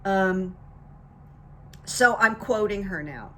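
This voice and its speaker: Slow-talking, chatty middle-aged woman. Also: medium pitch, slight background noise. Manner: animated storyteller, acts out what others said. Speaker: political commentary vlogger and hypnotherapist. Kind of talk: casual chatty recap.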